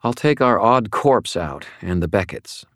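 A man's voice: on the low side, lively intonation, measured pace, fairly bright tone, dry recording, voice pushed up. A man voicing a blunt, tough female police officer in an audiobook, curt and dry. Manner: curt, dry, raised and tighter than the narration. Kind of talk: audiobook character voice.

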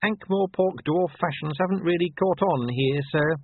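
A man voicing a polite, earnest young female dwarf corporal in a higher voice. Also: moderate pace, slightly rough. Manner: earnest, deferential, says sir often. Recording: tinny phone-like dry sound.

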